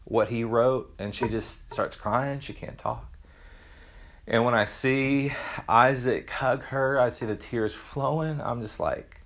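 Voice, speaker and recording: A man's voice: mid-range voice, a little slow, fairly bright tone. Earnest man preaching a sermon. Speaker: pastor.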